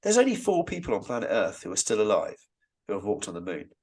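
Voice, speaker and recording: A man tells stories as a podcast guest, his voice husky and set low. He talks with rambling enthusiasm, often stumbling and restarting mid-sentence. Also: huge pitch swings, fast, darkish tone. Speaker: Stonehenge guide and podcast guest. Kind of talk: casual storytelling interview.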